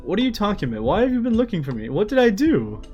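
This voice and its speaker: A man reading a manga aloud and voicing an excitable young boy who plays go, in a startled, protesting way. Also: high-pitched, normal speed, slightly rough, faint music behind, voice pushed up, exaggerated voice.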